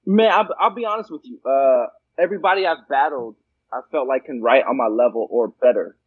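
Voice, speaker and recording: A man's voice: mid-range voice, fairly quick, slightly rough, no echo. A man, a guest in a casual chat, who laughs often and swears freely. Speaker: guest battle rapper. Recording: muffled lo-fi audio.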